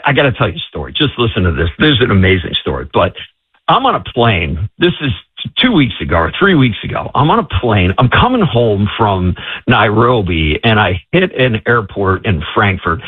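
A man, an author and guest, telling a story with lively delivery and acting out what others said. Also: fairly low pitch, breathy edge, no room sound. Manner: lively, acts out others' dialogue. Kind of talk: animated storytelling in an interview. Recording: tinny, dry phone-line sound.

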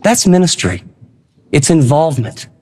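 A man's voice: on the high side, very animated, normal speed, a little mellow. A man preaching a sermon, with earnest, emphatic delivery and repeated phrases. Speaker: pastor.

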